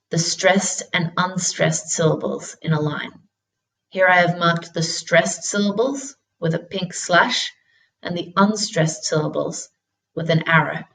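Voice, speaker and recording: A woman narrating a poetry lesson as a teacher, in a deliberate, instructional way. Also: fairly low pitch, low-quality recording. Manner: slow, deliberate instructional delivery.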